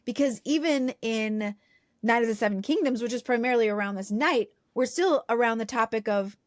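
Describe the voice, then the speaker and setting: A woman with a slightly high voice muses on a podcast, thinking aloud and posing questions. Her voice sits close and dry in the recording. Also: moderate pace, no echo. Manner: thoughtful, musing, asks rhetorical questions. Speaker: podcast co-host. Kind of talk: reflective casual chat.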